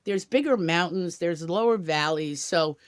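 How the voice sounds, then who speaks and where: A woman's voice: fairly low pitch, unhurried, smooth, no room sound, clean studio sound. A woman guest on a travel podcast, talking in an upbeat, chatty way with many casual asides. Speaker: tour company guest. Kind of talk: enthusiastic podcast interview.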